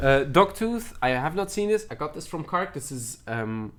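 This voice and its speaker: A man's voice: fairly high pitch, big pitch swings, normal speed, fairly bright tone. Chatty enthusiastic man streaming at home. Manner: enthusiastic, repeats praise, chatty with restarts. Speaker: streamer showing his movie collection. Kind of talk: casual stream chat.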